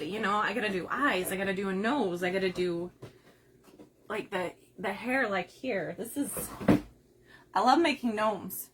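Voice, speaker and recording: A woman's voice: medium pitch, noisy background. A woman from the Upper Midwest hosting a craft livestream, chatting casually, laughing often and reading viewer comments aloud. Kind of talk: casual chat while crafting.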